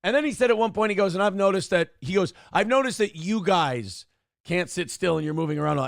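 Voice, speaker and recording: A man hosting a casual talk show, telling stories in an animated way, swearing and acting out quotes with sudden jumps in his voice. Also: high-pitched, brisk, creaky, no room sound, studio quality. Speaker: podcast host. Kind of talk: casual storytelling chat.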